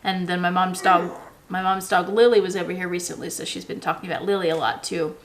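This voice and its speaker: A woman talking casually to the camera as a vlogger, relaxed and chatty, explaining things patiently with everyday examples and frequent ums. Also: lowish voice, fast, a little hiss or hum.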